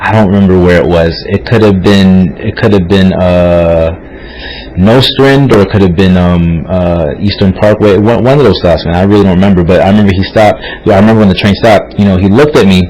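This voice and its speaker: Fast-talking man telling a story. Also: low voice, a little mellow, rough recording. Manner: rambling, many fillers and restarts. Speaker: podcast co-host. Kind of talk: casual storytelling.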